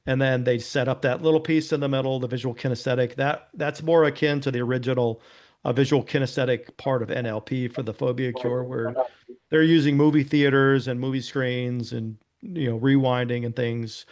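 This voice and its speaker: His voice sits at a medium pitch with a darkish tone, fairly even intonation, and a fairly quick pace. A former cop now running a nonprofit, he recounts a personal story on an interview in an earnest, relaxed way, with plenty of "you know" and "right?".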